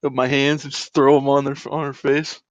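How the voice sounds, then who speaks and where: A man's voice: medium pitch, little pitch movement, a little fast, no room sound. A young man playing a tabletop game, rambling with many fillers. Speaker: player. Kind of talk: casual tabletop game play. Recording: dull, slightly lo-fi sound.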